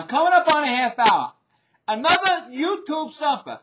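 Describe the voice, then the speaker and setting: A middle-aged man hosting his own show, ranting in a loud, profane, repetitive way. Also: extremely high pitch, sing-song, moderate pace, muffled recording. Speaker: show host. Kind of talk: ranting video commentary.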